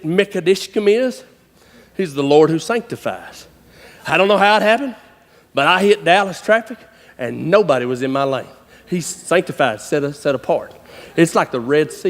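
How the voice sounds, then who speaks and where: High-voiced folksy preacher. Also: male voice. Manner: folksy, animated, laughing, bursts of shouting. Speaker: conference speaker. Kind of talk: lively storytelling sermon. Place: large church hall. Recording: long hall reverb.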